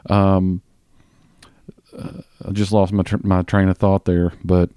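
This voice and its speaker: A man with a Southern US accent hosting a podcast in casual chat, rambling with fillers and restarts and talking a bit fast. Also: low-pitched, flat delivery, warm tone, smooth, no room sound. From Southern US (Tennessee). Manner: talks a bit fast on mic. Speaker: podcast host.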